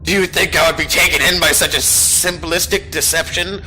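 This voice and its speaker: A man voicing an arrogant ancient male demon lord, slow and menacing, reading game dialogue aloud. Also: fairly high pitch, fairly even intonation, pushed and bright, a little hiss or hum, low-quality recording.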